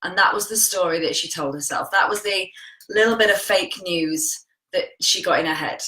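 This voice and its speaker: A woman's voice: on the low side, moderate pace, sharp tone, echoey room, poor audio. A woman hosting a casual live stream, chatting and greeting viewers by name as she tells a story. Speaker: host of a live coaching stream.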